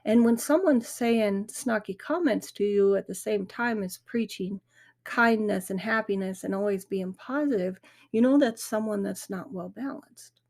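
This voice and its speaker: Her voice is mid-range and darkish, with vocal fry and a measured pace: a middle-aged woman hosting a grief podcast. She speaks candidly and earnestly in a relaxed, reflective monologue.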